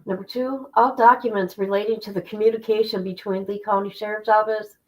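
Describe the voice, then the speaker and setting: A woman hosting a casual livestream in a voice of middling pitch. She greets her viewers by name, then reads a court filing aloud and breaks off with chatty asides. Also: fairly even intonation, a little fast, rough recording. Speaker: livestream host. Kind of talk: casual livestream chat and document reading.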